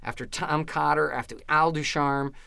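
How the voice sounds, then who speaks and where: A man's voice: a little high, steady tone, moderate pace, gravelly, pushed and bright, smooth, dry recording, clean studio sound. A middle-aged man, a stand-up comedian, telling rambling anecdotes in a casual interview and checking in with "right?" and "you know".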